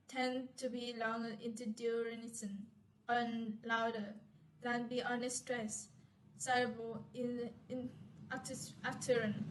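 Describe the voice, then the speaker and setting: A woman student reads her class presentation aloud in a slow, halting way. Her voice sits a little high and stays flat. She stumbles and restarts often. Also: slight background noise, low-quality recording.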